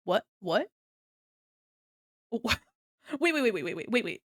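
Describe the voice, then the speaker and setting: Slow, relaxed young woman streamer. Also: on the high side, dry recording, studio quality. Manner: swears freely, laughs often, sings along softly. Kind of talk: casual livestream chat while drawing.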